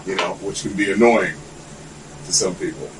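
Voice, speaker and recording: Guesting on a podcast, this man with a low-sitting voice talks at normal speed, spinning long, rambling, animated stories full of swearing in casual chat. A distant mic catches him, along with a faint air-conditioner hum.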